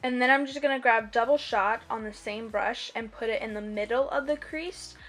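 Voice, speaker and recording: A young woman with a bright, fairly high voice talks through her makeup steps in a chatty voiceover. She rambles easily, filling gaps with ums and likes. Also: normal speed, faint music behind. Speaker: beauty vlogger. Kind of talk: casual makeup tutorial voiceover. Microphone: voiceover mic.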